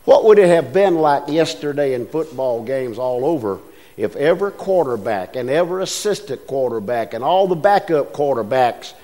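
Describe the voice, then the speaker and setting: A man's voice: mid-range voice, expressive, moderate pace, dark tone. An older man preaching a folksy sermon, telling homespun stories and acting out the voices in them. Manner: homespun storytelling, acts out voices in anecdotes.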